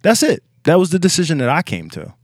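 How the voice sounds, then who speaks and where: A man's voice: a little high, huge pitch swings, quick pace, no room sound, clean studio sound. A man telling a story casually on a podcast, emphatic and repetitive.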